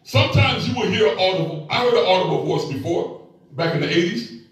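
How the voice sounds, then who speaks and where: Echoey preacher man, higher voice. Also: expressive, a little fast. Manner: call-and-response with the congregation, playful asides. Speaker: pastor. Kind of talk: preaching a sermon. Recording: echoey room, mic at a distance.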